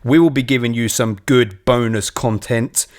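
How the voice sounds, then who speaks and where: A man's voice: mid-range voice, steady tone, normal speed. Swearing, emphatic man podcasting. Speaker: podcast co-host. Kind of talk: casual podcast banter.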